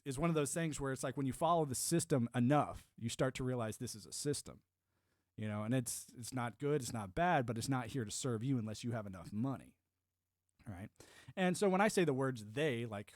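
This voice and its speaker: A man's voice: mid-range voice, dry recording, studio quality. A man in his thirties hosting a livestream, chatting casually and rambling with restarts while answering chat. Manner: rambling, restarts, laughs to himself. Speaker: livestream host.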